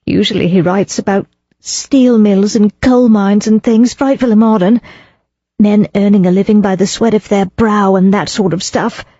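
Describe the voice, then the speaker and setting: A woman's voice: medium pitch, steady tone, normal speed, mellow, dry recording, muffled recording, voice pushed up, close to an everyday voice. A woman voicing an eager, plain-spoken young Englishwoman in an audiobook.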